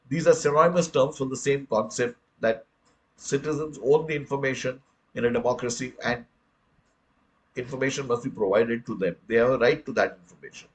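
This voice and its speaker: An older Indian man with a slightly high voice gives an earnest public lecture. He stresses key points emphatically and addresses his listeners as friends, in an Indian English accent. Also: low-quality recording. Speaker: speaker on the right to information, retired commissioner.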